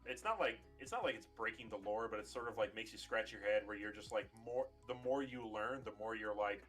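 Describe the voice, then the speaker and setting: A man's voice: fairly low pitch, a little fast, hardly any pauses, a bit bright, soft background music. A young man hosting a podcast, chatting casually and rambling with lots of fillers. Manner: rambling, many fillers, acts out quotes. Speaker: podcast host. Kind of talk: casual chat.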